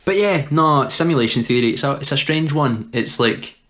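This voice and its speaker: A man's voice: mid-range voice, normal speed. Guy on a podcast, voice goes up and down a lot, just chatting. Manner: storytelling, animated. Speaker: podcast co-host. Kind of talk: casual chat.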